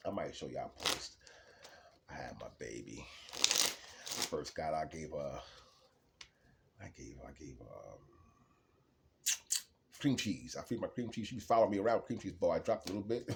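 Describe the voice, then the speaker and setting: A man giving a casual, rambling tarot card reading, laughing often and swinging between low mutters and loud bursts. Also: animated, moderate pace, vocal fry, pauses often, slight background noise.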